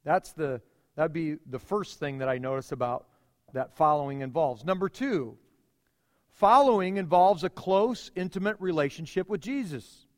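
A middle-aged male pastor preaching a sermon, emphatic, with dramatic pauses and repeated phrases. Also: fairly high pitch, lively intonation, big-room sound.

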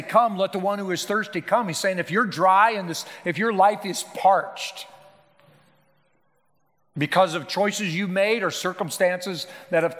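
A man's voice: fairly high pitch, a bit bright. A middle-aged man, a pastor, preaching a sermon in a church sanctuary, earnest and building to emphatic appeals. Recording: long reverb of a church hall.

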